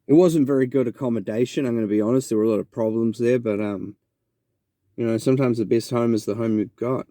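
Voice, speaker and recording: Mellow-voiced New Zealand man rambling. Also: medium pitch, steady tone, fast, no room sound, clean studio sound. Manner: rambling and reflective, with many restarts. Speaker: podcast host. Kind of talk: casual storytelling monologue.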